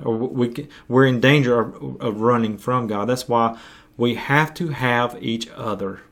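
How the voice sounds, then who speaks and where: A man preaching a podcast sermon as pastor, earnest and urging, with his voice going hoarse. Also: mid-range voice. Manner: earnest, urging, slow deliberate pauses. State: losing his voice.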